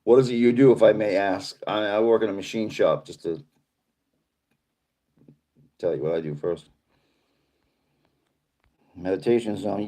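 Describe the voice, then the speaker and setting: Pausing often, a middle-aged Boston livestream host reads out viewer comments in his Boston accent, rambling in an easygoing way. His voice is lowish and mellow, and he speaks a little slowly.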